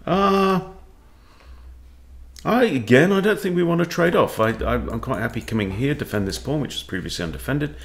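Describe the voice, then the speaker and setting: Lively man muttering through his moves. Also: a little high, normal speed. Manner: mutters to himself, wry asides. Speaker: chess coach. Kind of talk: thinking-aloud game commentary.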